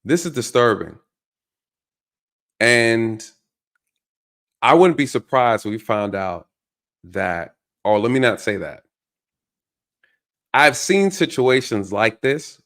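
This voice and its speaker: A man's voice: fairly low pitch, vocal fry, a bit bright. A man hosting a reaction video, talking emphatically to his viewers and repeating his points for stress. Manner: emphatic, repeats phrases, addresses viewers directly. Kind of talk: reaction commentary.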